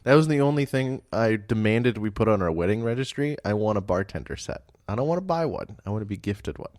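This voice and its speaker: A man's voice: lowish voice, fairly quick, no room sound, clean studio sound. A tired man telling stories in a casual podcast chat, laughing often. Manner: laughs a lot, animated storytelling. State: tired after a night shift. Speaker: podcast co-host.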